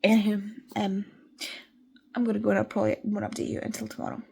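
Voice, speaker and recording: A tired young woman talks to the camera in a loose, rambling way, her nose sniffly as she chats. Her pitch sits in an ordinary middle range. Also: level tone, fast, creaky, warm tone, slightly rough. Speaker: book vlogger. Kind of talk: casual reading vlog.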